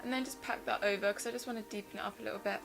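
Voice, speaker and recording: A woman's voice: medium pitch, fairly even intonation, rapid-fire, vocal fry, rough recording. A young woman in her twenties, chatting enthusiastically as she walks through a makeup tutorial step by step. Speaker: beauty vlogger. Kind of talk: casual makeup tutorial narration. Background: background music.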